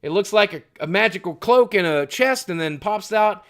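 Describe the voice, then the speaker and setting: A man's voice: high-pitched, lively intonation, normal speed. Crude, joking male streamer. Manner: crude, profane, jokey. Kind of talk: casual live-stream chat while unboxing.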